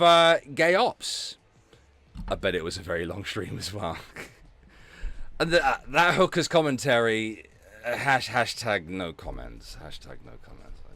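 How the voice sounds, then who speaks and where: A man hosting a casual livestream rant, sarcastic and mocking, dropping from low mutters to loud announcements. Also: dry recording. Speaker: streamer host.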